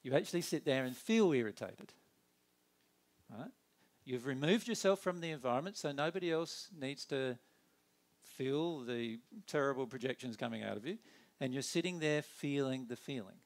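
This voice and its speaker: A man giving a conversational spiritual talk, animated and acting out inner dialogue in quick put-on voices. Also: mid-range voice. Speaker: spiritual teacher.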